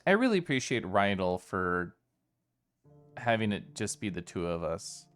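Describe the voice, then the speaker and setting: Male game streamer, lowish smooth voice, chatty and reflective, greets chat between plot thoughts. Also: sing-song, a little slow, fairly bright tone, faint music behind. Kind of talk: live game commentary.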